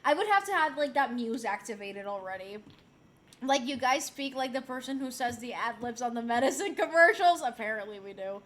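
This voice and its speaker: A young woman chats loosely on her stream and reads out chat messages in a high voice. She swears and laughs easily, and her tone stays relaxed and unscripted. Her throat sounds a little sore. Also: fairly quick. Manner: chatty and loose, swears freely, laughs often. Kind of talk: casual chat stream, reading chat aloud.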